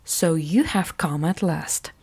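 A gruff, bullying father with a slow, threatening way of talking, as a woman reads him in a storybook. The voice dips a little lower and softer than her narration. It sounds harsh and menacing. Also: full character voice.

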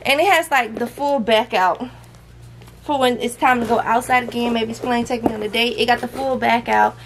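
A woman's voice: fairly high pitch, steady tone, fairly quick. A young woman, chatting to viewers in a casual haul vlog and scolding her toddler now and then. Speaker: vlogger. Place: home. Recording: noisy home recording.

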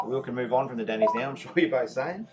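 A man's voice: medium pitch, quick pace, over music. A man hosting a live raffle draw, chatty and laid-back, reading out names and often apologising to players. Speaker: raffle host. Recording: noisy home recording.

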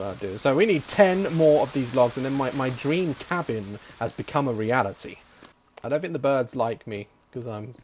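A young man giving jokey gameplay commentary; excitable, with frequent swearing. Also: mid-range voice, a little hiss or hum. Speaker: gaming YouTuber.

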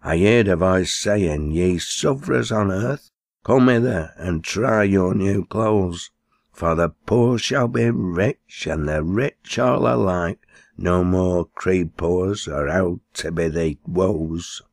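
A man's voice: low-pitched, takes it slowly, vocal fry, dry recording, studio quality. A man with a Lancashire accent reciting dialect poems, lifting his voice for the quoted characters. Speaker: poetry reader.

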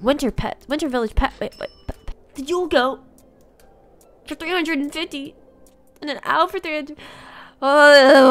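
A woman giving excited first-reaction commentary on a game update, gasping, giggling and repeating herself. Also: high-pitched, moderate pace, pauses often. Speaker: gaming YouTuber. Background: faint background music.

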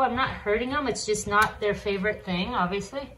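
A woman host talking casually to viewers while trimming her dogs' nails, coaxing them with soft praise. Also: mid-range voice, brisk, background noise. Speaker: alpaca farmer and channel host. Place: indoors with the dogs on a farm.

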